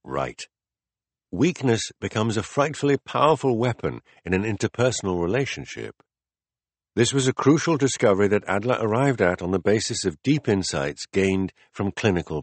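A calm, patient philosopher, read by a man, lays out his ideas in a measured, deliberate way. His voice sits low, and the audiobook recording is dry and close with no room sound. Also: no room sound. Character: calm, patient male teacher explaining ideas. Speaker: philosopher in a dialogue. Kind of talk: audiobook dialogue reading.

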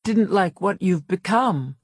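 A woman's voice: mid-range voice, expressive, slow pace, breathy edge, dry recording, studio quality. A woman reading a wheezing, wounded psychologist. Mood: delirious. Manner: probing, clinical questioning. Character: gravely injured woman psychologist, wheezing and delirious.

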